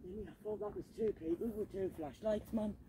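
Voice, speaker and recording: A woman ghost hunting outdoors in a cemetery at night, talking into a handheld camera in an excitable, frightened way and swearing often. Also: medium pitch, a little fast, vocal fry, background noise. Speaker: paranormal vlogger. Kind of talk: live ghost-hunting commentary.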